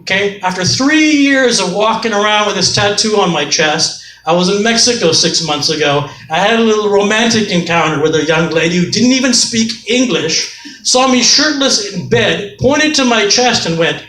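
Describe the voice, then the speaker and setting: A man's voice: high voice, expressive, normal speed, sharp tone. A middle-aged man from Canada doing a rambling, profane, self-mocking stand-up comedy set on a club stage. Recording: echoey club, mic far off, faint noise.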